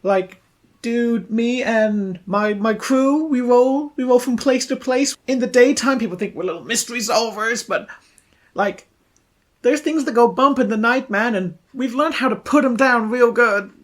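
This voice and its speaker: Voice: medium pitch, unhurried, pitched above the performer's own voice, close to an everyday voice. A game master voicing a brash young male monster hunter with a laid-back dude drawl. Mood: boastful. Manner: surfer-style drawl, says dude and man.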